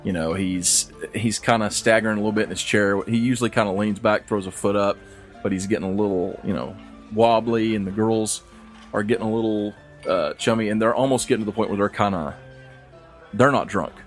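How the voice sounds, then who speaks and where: Man running a tabletop game, low voice, easygoing, rambling. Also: steady tone, fairly quick, soft background music. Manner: easygoing, rambling, fond of filler phrases. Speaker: game master.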